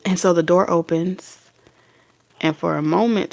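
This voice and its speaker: A woman's voice: fairly low pitch, unhurried, creaky, long pauses, a little mellow. A young woman giving a casual tarot reading, blunt and swearing freely as she acts out imagined back-and-forth dialogue. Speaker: tarot reader.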